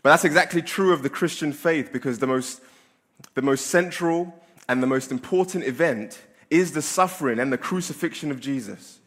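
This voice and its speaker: A man's voice: a little high, moderate pace, a bit bright. Man preaching a sermon. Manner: conversational preaching with fillers and self-corrections. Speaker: pastor. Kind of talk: sermon with scripture reading and prayer.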